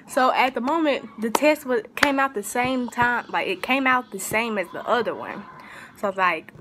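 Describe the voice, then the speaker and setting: A woman's voice: a little high, animated, fairly quick, bright, forceful tone. A young woman telling a personal story in a casual, rambling way, full of fillers and restarts, with a faint hiss behind her. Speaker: vlogger.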